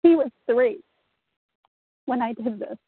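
A woman from Southwest Florida sharing her recovery story at a meeting, halting and emotional, with many pauses. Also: fairly high pitch, slightly rough, dry recording. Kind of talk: personal recovery share. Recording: tinny phone line.

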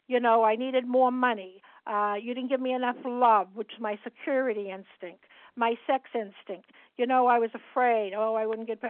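A woman's voice: high voice, no echo. A woman leading a recovery meeting, sharing her experience in a chatty way and explaining things step by step. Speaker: meeting leader and sponsor. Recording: tinny phone line.

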